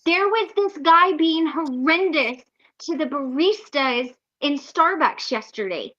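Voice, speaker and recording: High bright-voiced woman on a video call, animated storyteller doing everyone's voices, kinda muffled audio. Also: takes it slowly. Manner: animated, acts out the people in her stories. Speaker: host of online recovery meeting.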